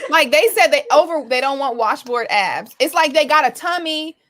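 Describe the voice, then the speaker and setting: A woman co-hosting a casual live talk show, chatty and animated, laughing often as she talks. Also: high-pitched, measured pace. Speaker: co-host. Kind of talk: casual chat.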